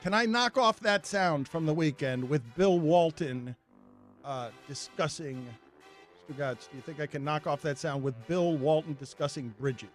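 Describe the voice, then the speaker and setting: A high-voiced man hosts a sports talk radio show, joking around and breaking into laughter. His delivery is animated and casual, with faint music behind him. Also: normal speed.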